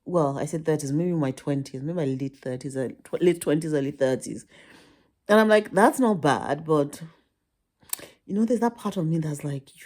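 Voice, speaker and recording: A woman with a slightly low voice chats to her viewers, worn out. She rambles, corrects herself and laughs at her own complaints in a loose, self-mocking way. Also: moderate pace, a little mellow. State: tired. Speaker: vlogger. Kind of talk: casual chat to camera.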